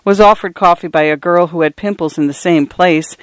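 A woman narrating short stories as a radio reader, in a measured, clear, even delivery. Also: lowish voice, no room sound.

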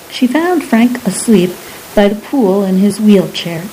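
A woman narrating an audiobook in a measured, unhurried way. Her voice is mellow and soft-edged, with a faint hiss under the recording. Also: mid-range voice, lively intonation, rough recording.

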